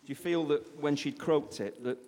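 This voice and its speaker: A man's voice: on the high side, normal speed, warm tone, long reverb tail. A man co-hosting a comic live podcast, rambling and self-deprecating, often breaking into giggles as he reads aloud. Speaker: podcast co-host reading aloud.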